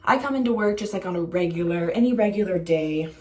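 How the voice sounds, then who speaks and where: A woman's voice: on the low side, quick pace, soft background music. A young woman telling a casual storytime vlog, candid and self-mocking, swearing freely. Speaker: vlogger.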